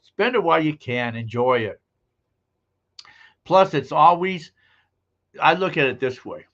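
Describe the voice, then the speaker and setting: A man's voice: medium pitch, a bit bright, dull audio. A man hosting a live stream, chatting casually in a rambling, joking way. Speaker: live-stream show host.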